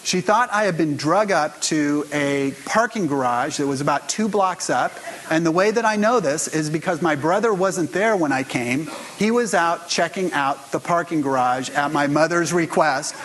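A man's voice: on the high side, moderate pace, a bit bright, slight background noise, low-quality recording. A man pastor giving a sermon in a conversational storytelling way, speaking straight to his congregation.

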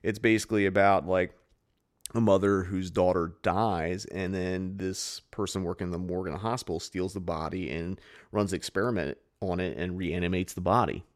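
Male podcast co-host, low voice, loose rambling delivery, heavy casual swearing. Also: fairly even intonation, moderate pace. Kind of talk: casual chat.

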